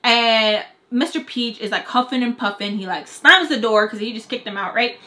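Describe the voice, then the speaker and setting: A woman's voice: a little high, moderate pace, bright, forceful tone. A young woman telling a story to camera in a casual chatty way, full of filler words and joking asides. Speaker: vlogger.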